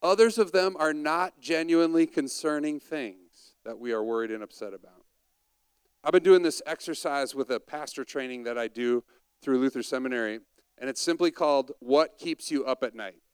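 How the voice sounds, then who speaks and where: A man's voice: mid-range voice, normal speed, clear, resonant tone, dry recording. A man preaching a conversational sermon and asking the audience questions.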